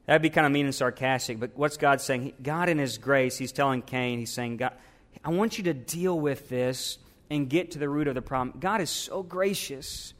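A man's voice: mid-range voice, brisk, a bit bright. A man, a pastor, preaching a sermon and asking his congregation questions.

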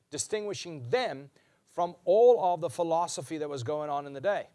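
A man with a slightly high voice preaches to his congregation. He drives his points home with emphatic repetition, slowing down on the lines that matter most. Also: warm tone. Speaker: pastor. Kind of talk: sermon.

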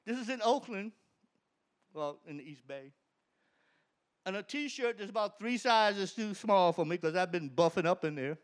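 High, lively man telling his testimony. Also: normal speed, pauses often. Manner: animated, grows excited, often laughs mid-sentence. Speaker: speaker giving a personal testimony. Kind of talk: storytelling testimony to an audience.

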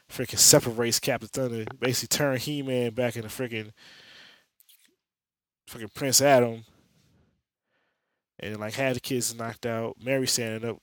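A man's voice: mid-range voice, steady tone, normal speed, pauses often, fairly bright tone, dry recording. A man hosting a podcast, giving a rambling, profane, slang-filled recap of a comic book. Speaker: podcast host. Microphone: podcast mic.

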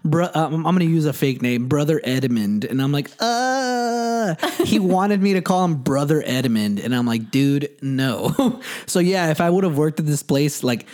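A man's voice: fairly high pitch, lively intonation, a little fast, few pauses, a little mellow. A young man in casual chat, telling a rambling, slangy story with laughs.

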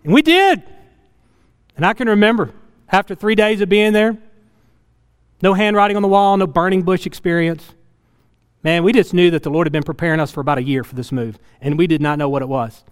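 A middle-aged man with a high, smooth, resonant voice preaches a sermon. He tells his story earnestly, rising loud and then dropping to a hushed, tearful tone. His voice rings with the long reverb of a church hall. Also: fairly even intonation, fast. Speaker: pastor.

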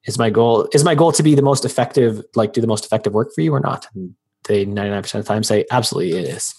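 A man in his thirties talks fast in a casual podcast chat, and his voice has a gravelly edge. He keeps telling stories and acts out the quotes in them. The tone stays husky throughout. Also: medium pitch, a little mellow. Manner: fast, storytelling with acted-out quotes. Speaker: guest, freelance business owner.

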